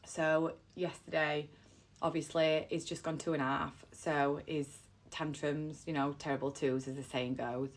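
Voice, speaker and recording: A woman, an emotional mother of three telling a personal story, close to tears and repeating herself. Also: deep voice. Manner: heartfelt, rambling, repeats phrases. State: on the verge of tears.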